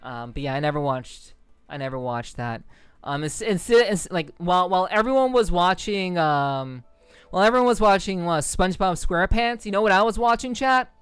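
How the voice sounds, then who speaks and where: A woman's voice: lowish voice, animated, moderate pace, clear, resonant tone, no echo, soft background music. A woman streamer from the New York City area chatting casually with her viewers, rambling and swearing, with lots of ums and bursts of laughter. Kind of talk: casual livestream chat with viewers.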